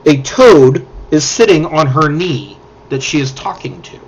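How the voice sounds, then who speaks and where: A man narrating as game master of a tabletop game in measured, descriptive narration. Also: on the high side, lively intonation, a little mellow, slightly rough, muffled recording.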